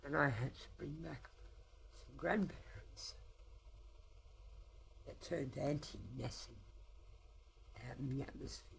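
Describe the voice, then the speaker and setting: Woman, 50s, gravelly edge, aggrieved and rambling, talking straight to camera. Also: very deep voice, slow pace, pauses often, slight background noise, rough recording. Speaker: vlogger giving personal testimony. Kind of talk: emotional spoken monologue.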